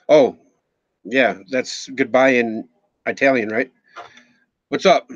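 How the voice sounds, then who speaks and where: Here a man from Minnesota, USA, in his forties with a Minnesotan accent, hangs out on a live stream, joking, wandering off topic, cursing here and there, and naming viewers to thank them. His mid-range voice moves slowly with frequent pauses; there's no echo, but the sound is slightly muffled and dull.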